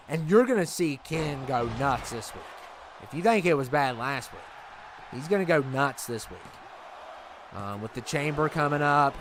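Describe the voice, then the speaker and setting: A man talks to his livestream viewers in a loose, rambling way, laughing easily as he goes. His voice sits at an ordinary middle pitch. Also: a bit bright, a little hiss or hum. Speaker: livestream host. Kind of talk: casual chat with viewers.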